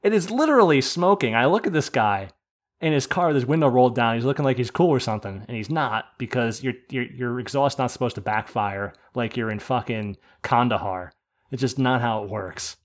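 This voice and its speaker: Man from the US, podcast host, ranting, swearing, animated storytelling, casual chat. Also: medium pitch, a little fast. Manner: animated, profane storytelling rant. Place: podcast studio.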